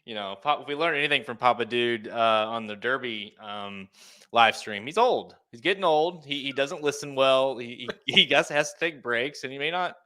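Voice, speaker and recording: Bright-voiced male podcast host, laughs a lot. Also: mid-range voice, moderate pace. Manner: laughs often, loose rambling talk. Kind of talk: casual chat.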